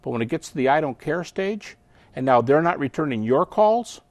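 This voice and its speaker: A man being interviewed as a guest who explains his ideas in a lively way. He often slips into acting out other people's voices. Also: fairly high pitch, normal speed, no echo. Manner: animated, acts out quoted voices.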